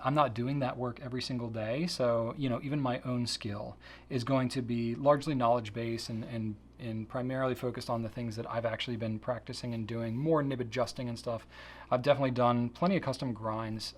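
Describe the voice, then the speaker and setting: A middle-aged man hosting a casual video Q&A, chatty and self-deprecating, with lots of fillers. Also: medium pitch. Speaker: host answering viewer questions.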